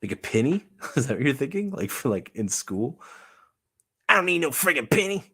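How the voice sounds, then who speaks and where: Man doing a small swaggering crocodile puppet, bright husky voice, slangy and cocky. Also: mid-range voice, big pitch swings, moderate pace, pitched above the performer's own voice, full character voice. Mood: indignant. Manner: swaggering slangy tough-guy talk. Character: cocky little male crocodile puppet, jokey. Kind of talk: puppet voice in a craft vlog.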